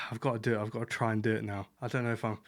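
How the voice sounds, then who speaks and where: A man's voice: on the low side, level tone, fast talker, pushed and bright. A young man co-hosting a comedy podcast, chatting casually and laughing at his own jokes. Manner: laid-back, chuckling, joking. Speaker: podcast co-host.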